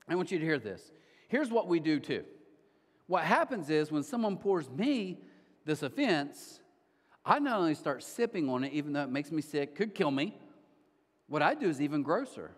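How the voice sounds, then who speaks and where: A man's voice: high voice, sing-song, fairly quick. A man, preaching a conversational sermon and acting out the voices of people he quotes. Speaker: pastor. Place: large church auditorium. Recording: long hall reverb.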